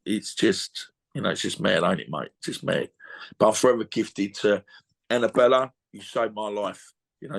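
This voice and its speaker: A man's voice: fairly low pitch, creaky, fairly bright tone. A man, talking bluntly and at length in an interview over a video call, swearing freely and circling back with "you know what I mean". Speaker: boxer interviewee. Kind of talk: emotional casual interview.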